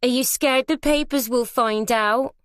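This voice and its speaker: A woman's voice: fairly high pitch, unhurried, clean tone, no room sound, studio quality, voice pushed up, close to an everyday voice. A woman voicing a cocky taunting teenage boy. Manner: sneering, defiant. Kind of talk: audiobook character voice.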